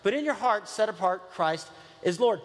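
Pastor guy preaching, pretty high voice, earnest chatty delivery, big echoey church hall. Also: expressive, moderate pace. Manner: conversational and earnest, repeats key phrases for emphasis. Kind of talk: sermon. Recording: long reverb of a large hall.

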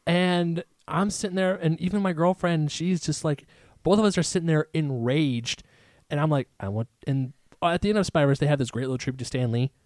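A man on a podcast venting with exasperation about a bad experience. His voice is slightly high for a man, and the recording is dry and close with no room sound. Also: a little fast, a little mellow, no room sound. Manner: exasperated ranting. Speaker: podcast co-host. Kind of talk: casual chat.

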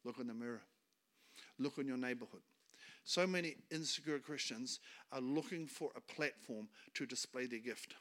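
Preaching as a guest speaker, a man delivers a colloquial, emphatic sermon in short bursts, swinging between quiet talk and loud declarations. His voice sits in the mid-range and moves at a normal speed.

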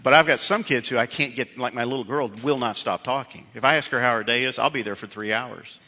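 A man's voice: mid-range voice, fast, bright, forceful tone. A middle-aged man preaching a sermon in a conversational, self-deprecating storytelling way. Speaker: pastor. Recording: dull reverberant hall sound.

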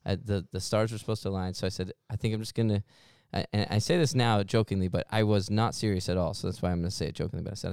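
A man's voice: fairly low pitch, quick pace, hardly any pauses, a little mellow, clean tone, no room sound, studio quality. A young man, a podcast co-host, telling a rambling, self-deprecating story in casual chat and laughing often.

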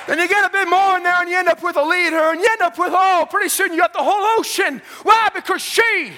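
A man preaching a fervent sermon in church, shouting praise and swinging between loud and soft. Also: very high-pitched, fast, long reverb tail. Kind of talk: pentecostal sermon. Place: church sanctuary.

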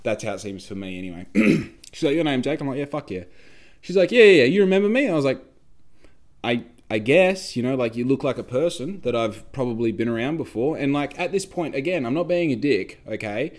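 A man's voice: mid-range voice, lively intonation, fairly quick, a little mellow. Young aussie guy rambling through a story, swears a lot, does little voices for people. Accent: Australian. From Australia. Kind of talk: casual storytelling.

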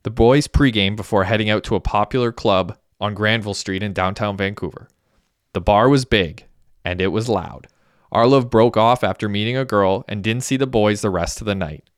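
An audiobook narrator, a man with a voice on the low side, reads a scripted story aloud at a moderate pace in a steady, even storytelling manner. The sound is clean studio audio with no room sound.

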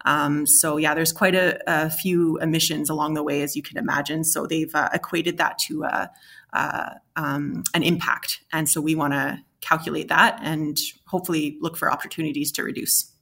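A woman's voice: deep voice, little pitch movement, normal speed, fairly bright tone. A woman, a guest expert, explaining building emissions in a conversational interview with many fillers and restarts.

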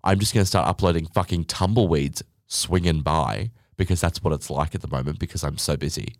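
A man's voice: a bass voice, fairly quick, no echo, clean studio sound. A young man hosting a podcast, ranting sarcastically and swearing often. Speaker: podcast host. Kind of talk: casual podcast rant.

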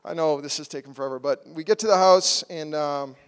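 A man giving a sermon testimony in animated storytelling style, acting out his own quotes, at times loud and at times soft. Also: fairly high pitch, a little fast, clear, resonant tone, in a large hall. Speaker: preacher sharing a testimony.

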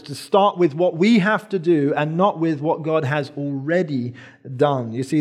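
A man in his thirties preaching a sermon as pastor, earnest and emphatic, repeating key phrases. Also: on the high side.

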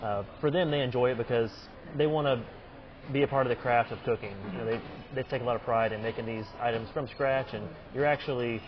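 A man who owns a restaurant, explaining his dishes in a relaxed, halting way with frequent ums. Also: medium pitch, dull audio, a crowd in the background. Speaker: restaurant owner. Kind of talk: casual on-location interview. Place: restaurant dining room.

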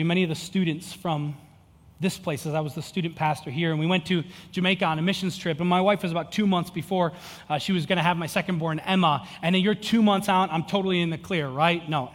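A pastor in his thirties delivers a sermon in a fairly high voice, moving from relaxed storytelling into fervent, climbing intensity. His words ring out with a long reverb tail in a large church hall. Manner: earnest storytelling with rising passion.

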